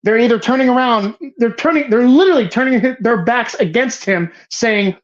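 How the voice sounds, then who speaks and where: A woman's voice: on the high side, fairly quick, few pauses, dull audio. Profane, ranting woman movie podcast host. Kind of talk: casual movie discussion.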